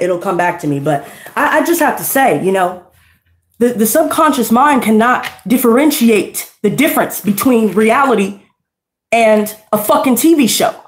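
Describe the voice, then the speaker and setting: Blunt, profane woman ranting in an echoey room. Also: medium pitch. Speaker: tarot reader. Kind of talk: unscripted tarot reading rant.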